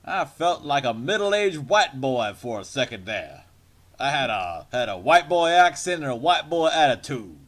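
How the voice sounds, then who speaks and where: Brief: foul-mouthed lecturing father, played by a man, mid-pitched. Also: very animated, moderate pace, fairly bright tone. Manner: scolding, preachy, swears a lot.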